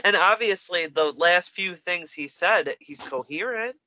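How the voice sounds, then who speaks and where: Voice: mid-range voice, lively intonation, measured pace, pushed and bright, a little hiss or hum, low-quality recording. A podcast co-host in casual chat, talking loosely with lots of "like" and "you know". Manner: chatty, uses many fillers like "like" and "you know".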